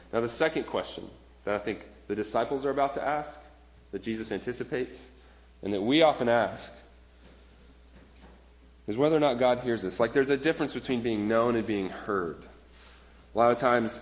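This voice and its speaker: A man in his thirties preaching a sermon in an earnest, conversational way, often restarting his phrases. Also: on the low side. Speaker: pastor. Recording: long reverb of a large hall.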